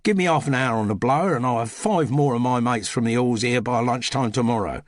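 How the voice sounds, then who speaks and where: A man's voice: mid-range voice, fairly quick, dry recording, clean studio sound, voice pushed up, close to an everyday voice. A man voicing a cheeky young housemaid with a Cockney accent, chatty and practical. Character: cheeky young cockney housemaid, former music-hall player.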